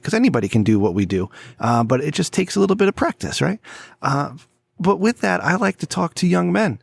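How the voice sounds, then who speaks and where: A man's voice: medium pitch, sing-song, fairly quick, gravelly, dry recording. A man in his forties hosting a casual podcast chat, telling stories in a laid-back way and swearing freely. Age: 40s. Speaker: podcast host.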